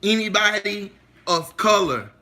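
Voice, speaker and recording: A man's voice: high-pitched, expressive, unhurried, pushed and bright. A man hosting a livestream, talking emphatically and repeating himself, often asking his listeners if they follow him. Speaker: livestream host. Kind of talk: casual livestream monologue.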